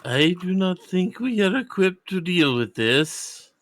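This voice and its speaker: A man's voice: high-pitched, sing-song, unhurried, fairly bright tone, dry recording. A man playing in a tabletop game, chatting casually with wry remarks. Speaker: player. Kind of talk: casual chat.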